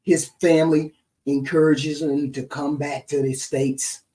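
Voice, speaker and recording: Mellow-voiced woman telling a family story. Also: deep voice, measured pace, far from the mic, low-quality recording. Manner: animated retelling, tags lines with "right?". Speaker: podcast co-host. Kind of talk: casual storytelling chat.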